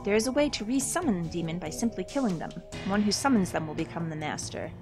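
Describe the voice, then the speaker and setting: A woman's voice: medium pitch, animated, fast talker, music in the background, natural voice. A woman voicing a sweet-talking female demon servant who coos pet names at her master, in a game read aloud. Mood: confiding.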